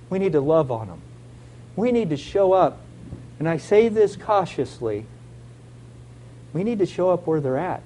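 A man's voice: a little high, warm tone, slight background noise, rough recording. A man giving an earnest, heartfelt sermon with a personal testimony. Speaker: lay preacher.

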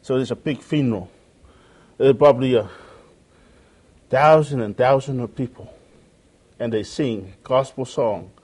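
A man delivering a sermon with a mellow, warm-toned voice. He speaks earnestly, circling back to repeat phrases as he quotes scripture. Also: medium pitch, breathy edge. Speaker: preacher.

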